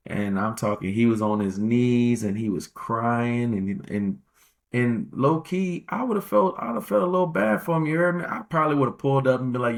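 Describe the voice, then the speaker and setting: A man's voice: medium pitch, expressive, normal speed, creaky. A man hosting a podcast, giving casual relationship advice in a rambling, slangy way and repeating phrases for emphasis. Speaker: podcast host.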